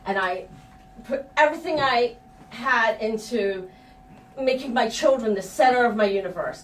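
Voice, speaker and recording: On stage in front of a live audience, a middle-aged woman tells a personal story, frank and profane and laughing at herself. Her voice is fairly high and at a normal speed. The room is echoey, the mic distant, with faint ambience and slight background noise.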